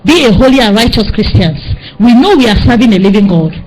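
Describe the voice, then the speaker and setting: A woman's voice: a little high, lively intonation, brisk, a little mellow, slightly rough, soft background music, poor audio. Impassioned Nigerian woman preaching. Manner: impassioned, scolding, repetitive exhortation. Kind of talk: sermon.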